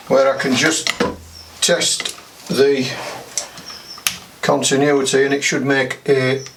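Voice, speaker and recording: An older man demonstrating antenna building and soldering, chatting and thinking aloud as he works. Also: mid-range voice. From United Kingdom. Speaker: amateur radio hobbyist. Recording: distant mic with clear background noise.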